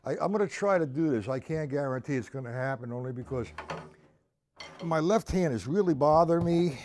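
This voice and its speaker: A man's voice: fairly high pitch, expressive, brisk, a little hiss or hum. A man teaching a drum lesson on a live stream, explaining exercises in a patient, conversational way and counting beats aloud. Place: room with a drum set. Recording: loud drum kit playing behind the voice.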